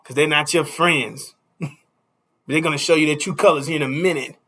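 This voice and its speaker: A man's voice: on the high side, fairly even intonation, normal speed, a bit bright. A man preaching a casual street sermon, stopping often to ask "you see?" and chuckling between points.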